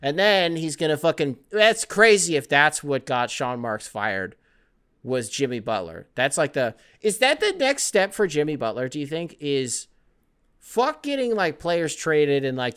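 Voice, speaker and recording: A man's voice: on the high side, moderate pace, smooth. A young man hosting a casual sports podcast, rambling between topics with lots of swearing. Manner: rambling, animated, profane, jumping between topics. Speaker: podcast host.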